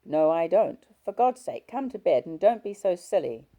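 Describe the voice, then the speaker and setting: A woman's voice: on the low side, sing-song, moderate pace, mellow, voice pushed up. Woman doing an irritable young husband. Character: irritable young husband, gruff and short-tempered.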